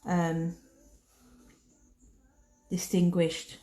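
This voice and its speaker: Extremely slow and monotone, a woman with a lowish, dark voice walks through a nail art tutorial. She stays chatty and casual, talking to herself through each step as she paints.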